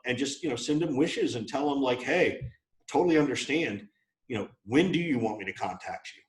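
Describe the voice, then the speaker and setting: A man's voice: medium pitch, echoey room, poor audio. A man giving a live sales training, talking bluntly and casually with plenty of fillers. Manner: blunt and conversational, with many fillers. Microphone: video call.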